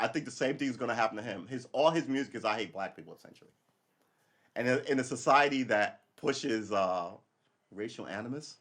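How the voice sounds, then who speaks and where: Rambling opinionated man hosting a podcast. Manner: rambling, opinionated, jumps between loud outbursts and low asides. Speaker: podcast host. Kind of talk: casual live commentary.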